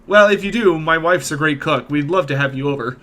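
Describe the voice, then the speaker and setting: A man's voice: on the high side, brisk, a bit bright, close to an everyday voice. A man voicing a friendly, grateful reformed thief in a tabletop game, in an easygoing, chatty manner.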